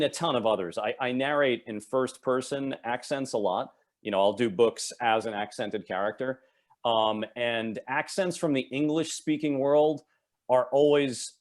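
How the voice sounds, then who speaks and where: A man from Long Island in New York talking in a relaxed interview. He is an audiobook narrator and dialect coach, and he explains things at length in an easy, expansive way, pitched in a middle range. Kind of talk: casual chat.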